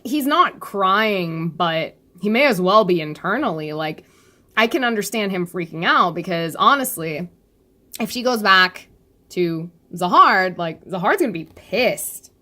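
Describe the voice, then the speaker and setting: A woman's voice: mid-range voice, animated, measured pace, bright, forceful tone. A woman chatting casually about a webcomic, rambling off topic, laughing often and saying "like" a lot. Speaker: youtuber discussing a webcomic. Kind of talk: casual chat.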